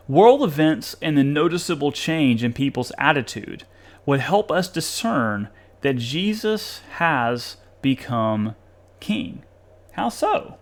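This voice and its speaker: A man hosting a podcast, reading passages aloud and commenting in an animated, sarcastic way with occasional laughs. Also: a little high. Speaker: podcast host reviewing a study article.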